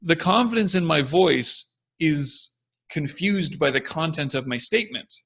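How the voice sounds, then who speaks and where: A young man co-hosts a casual discussion, his voice bright and forward with a noticeable gravelly fry. He explains ideas energetically and slips into little acted voices to make his points. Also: a little high, measured pace. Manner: animated, acts out confident and hesitant voices. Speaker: podcast co-host.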